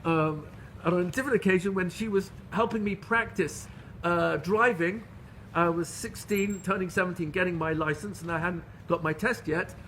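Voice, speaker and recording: A middle-aged rabbi giving a Torah lecture, telling stories in an earnest, animated way with frequent restarts. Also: male voice, high voice, moderate pace, a little hiss or hum. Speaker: rabbi teaching a class.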